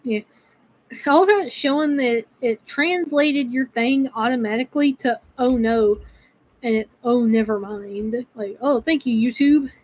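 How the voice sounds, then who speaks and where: High-voiced woman streamer, frustrated. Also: measured pace, rough recording. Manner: frustrated, swearing, talking to chat. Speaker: gaming streamer. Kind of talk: casual gameplay commentary.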